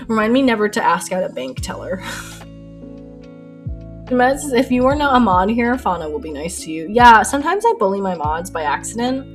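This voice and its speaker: A woman's voice: mid-range voice, animated, moderate pace. A young adult woman streaming while she paints, chatting casually, laughing often and telling stories animatedly. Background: soft lo-fi music.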